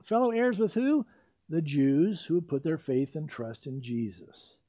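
A man preaching a sermon, telling the story in a lively way with playful asides. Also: on the high side, unhurried, highs cut off.

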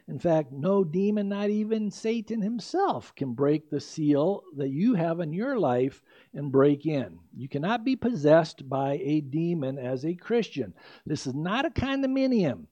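Animated, high-voiced older male preacher. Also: dry recording. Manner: animated, emphatic preaching with asides. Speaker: pastor. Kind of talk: sermon. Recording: dry, slightly dull lo-fi recording.

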